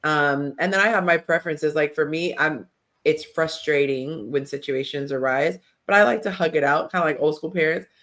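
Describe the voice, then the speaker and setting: A woman hosting a casual panel podcast, telling stories with lively acted-out quotes. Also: sits low, moderate pace. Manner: animated storytelling, acts out quotes. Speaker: podcast host.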